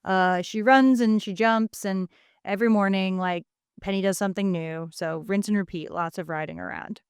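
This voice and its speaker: A woman's voice: medium pitch, smooth, dry recording, studio quality. A woman co-hosting a podcast, recapping a book in casual chat and acting out characters' lines as she goes. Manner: animated storytelling, acting out characters in quick asides. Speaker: podcast co-host.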